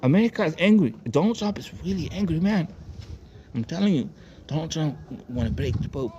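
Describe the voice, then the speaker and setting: A man's voice: fairly high pitch, animated, a little fast, mellow. A man ranting to his viewers in a rambling, profane, emphatic monologue that keeps circling back on itself. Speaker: online commentator. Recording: dull lo-fi with faint noise.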